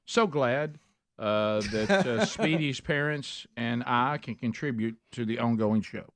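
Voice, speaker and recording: A man's voice: medium pitch, animated, measured pace, slight background noise. A man hosting a talk show, making announcements in a conversational, upbeat way. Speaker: radio show host. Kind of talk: casual chat and announcements.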